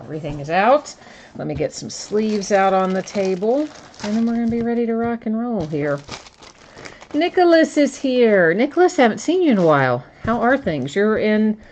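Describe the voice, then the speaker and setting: A woman's voice: medium pitch, a little mellow, slight background noise. A woman hosting a live card-opening stream, chatting with viewers by name and patiently explaining how the rules work. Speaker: card break host. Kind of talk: casual live-stream chat. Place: indoors at a table.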